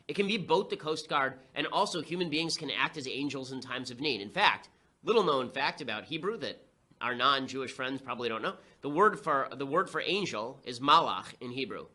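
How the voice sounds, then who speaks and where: Rapid-fire sarcastic male commentator. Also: mid-range voice, bright, forceful tone. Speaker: political commentator. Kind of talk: fast political commentary monologue.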